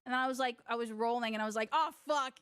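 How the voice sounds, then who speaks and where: High-voiced woman streamer, animated. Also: fast, smooth. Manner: animated, exasperated, swearing. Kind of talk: casual stream chat.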